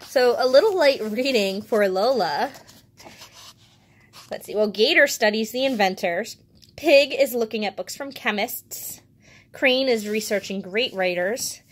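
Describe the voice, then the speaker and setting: A woman reviewing a children's picture book, reading pages aloud with expressive enthusiasm. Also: fairly high pitch.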